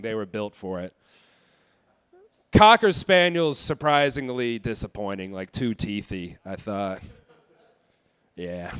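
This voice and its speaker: Smooth-voiced young man doing dark stand-up. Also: mid-range voice. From Indiana. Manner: deadpan dark jokes, halting with fillers. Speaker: stand-up comedian. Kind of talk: stand-up set. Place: comedy club stage.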